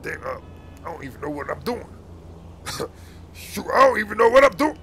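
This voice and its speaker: A blustering, incompetent street cop in a comedy skit, played by a man, barking orders then fumbling and muttering to himself. His voice sits high and bright with a gravelly fry. Faint background hiss. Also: very animated, normal speed, heavily acted. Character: bossy, bumbling young male street cop.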